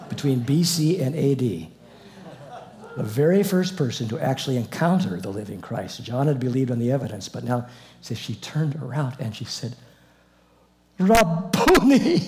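A man preaching a sermon in a warm, mellow voice of middling pitch. He tells the story with animated asides and little chuckles, speaking to a gathered congregation. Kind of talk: expository sermon on scripture.

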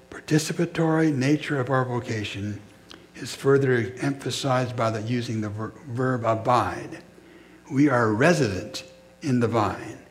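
A man preaching a sermon in a measured, reflective way, pausing between short phrases. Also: medium pitch.

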